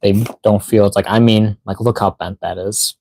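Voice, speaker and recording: A man's voice: fairly low pitch, steady tone, normal speed, gravelly, noisy background. Tired rambling man on a live stream. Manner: rambling, filler-heavy, reads chat aloud. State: tired, yawning, out of breath. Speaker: toy unboxing live streamer. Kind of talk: casual live stream chat.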